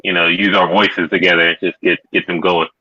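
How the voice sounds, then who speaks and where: Wisecracking low man, dry lo-fi sound. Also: flat delivery, brisk, pushed and bright, slightly rough, no echo. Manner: wisecracking, blunt interjections. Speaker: podcast co-host. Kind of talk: casual chat.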